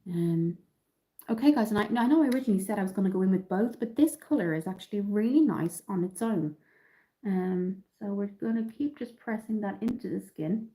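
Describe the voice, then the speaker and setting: A woman's voice: mid-range voice, expressive, fairly quick, warm tone, rough recording. A woman from Dublin with an Irish accent, chatting through a live makeup tutorial and answering viewers, slightly nasal from an oncoming cold. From Ireland. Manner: chatty, reads out and answers viewer comments, many ums. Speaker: makeup livestream host.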